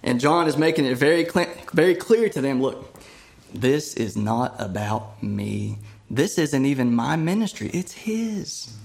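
A middle-aged man preaching a sermon, earnest and emphatic, rising to loud declarations and dropping to hushed asides. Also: medium pitch, animated, a little slow, vocal fry.

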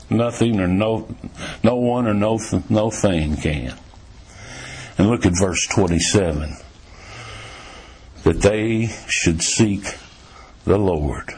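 A man preaching a sermon in a folksy, storytelling way, swinging between emphatic raised lines and low, quiet ones. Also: slightly rough.

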